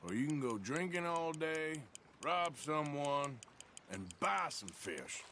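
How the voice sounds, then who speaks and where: A man's voice: on the high side, sing-song, slow pace, pushed and bright, slight background noise, heavily acted. An actor playing a sardonic, grumbling male outlaw in a video game.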